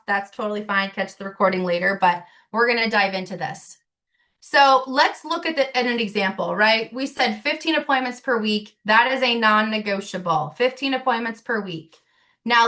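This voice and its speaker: A woman with a bright, ringing voice sitting a little high, coaching a team of new agents on a video call. She talks in quick, punchy bursts, fires off rhetorical questions and keeps checking in with the group. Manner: upbeat, rapid rhetorical questions, often adds "right?" and "okay?". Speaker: sales trainer.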